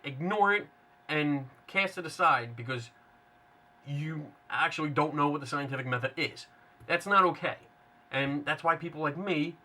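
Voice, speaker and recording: A man's voice: fairly high pitch, pushed and bright. A man hosting a casual, unscripted monologue, blunt and sarcastic, rambling with frequent restarts. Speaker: paranormal skeptic host.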